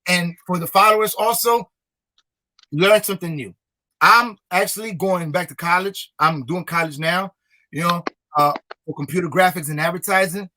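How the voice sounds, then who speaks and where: Emphatic high-voiced rapper. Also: male voice, normal speed, bright, forceful tone. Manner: emphatic, repetitive, motivational. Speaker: rapper and guest. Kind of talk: casual interview talk.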